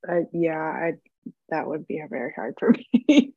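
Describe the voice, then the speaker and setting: A woman's voice: low voice, expressive, measured pace, vocal fry, breathy edge, no echo. A woman co-hosting a podcast, mostly giving short agreeing replies in casual chat. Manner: brief agreeing listener. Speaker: podcast co-host. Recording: dry, dull lo-fi sound.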